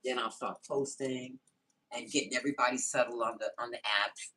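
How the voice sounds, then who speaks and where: Woman hosting a phone livestream; husky, bright tone, swoops in pitch as she greets her chat. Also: a little fast. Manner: lively, greets viewers by name, talks to chat. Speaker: livestream host.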